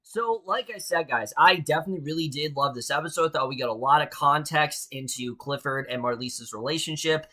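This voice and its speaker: A young man talks through a TV episode in a loose, opinionated recap. He throws in sarcastic asides. His voice sits a little high and sounds bright. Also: fairly quick, few pauses. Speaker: TV episode reviewer. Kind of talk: casual recap and review.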